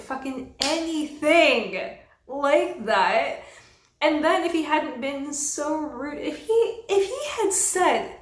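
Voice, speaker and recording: A young woman with a slightly high voice tells a casual storytime, exasperated and swearing freely as she vents. The room adds a noticeable echo around her voice. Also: lively intonation, unhurried. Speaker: vlogger. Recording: roomy echo.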